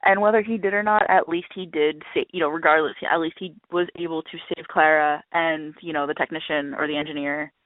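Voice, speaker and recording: A man's voice: fairly high pitch, steady tone, a little fast, hardly any pauses, dry recording. A man co-hosting a casual podcast, speaking hesitantly with many fillers. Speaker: podcast co-host. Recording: dry, phone-like narrow sound.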